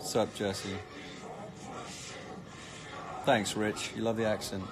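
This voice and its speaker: A man's voice: on the low side, level tone, slow, music in the background. A British man chatting casually on a live stream, reading comments with cheeky, joking banter. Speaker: actor streaming live to fans.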